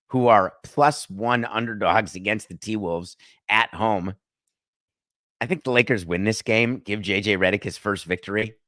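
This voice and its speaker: A brash middle-aged man holding forth as a sports podcast host, cracking jokes and tossing off quick asides. His voice sits fairly low, and the sound is dry and close, with no room around it. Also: fairly bright tone, no room sound. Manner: brash, joking, fast asides. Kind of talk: casual sports commentary monologue.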